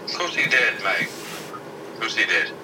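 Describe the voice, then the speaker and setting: A man's voice: on the low side, sing-song, measured pace. A man co-hosting casual banter, reading news headlines aloud in an irreverent, sweary way and stumbling over the words. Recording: distant mic with loud background noise.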